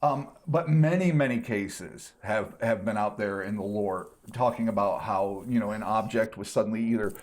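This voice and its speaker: Male podcast co-host, casual speculative chat, drawn-out musing delivery. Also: on the low side.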